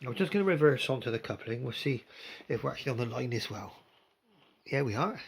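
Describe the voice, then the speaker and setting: A man in his sixties with a lilt talks through his model railway in a chatty, rambling way. His voice has a gravelly edge at a middling pitch, and he is recorded on a phone. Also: lively intonation, fast talker. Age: 60s. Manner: chatty and rambling, with gentle asides. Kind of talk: casual hobby commentary.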